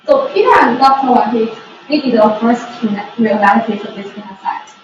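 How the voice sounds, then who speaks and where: A woman's voice: on the high side, normal speed. A woman giving the methods part of an academic conference talk, explaining carefully step by step. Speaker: researcher presenting. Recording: echoey room, distant dull mic, faint noise.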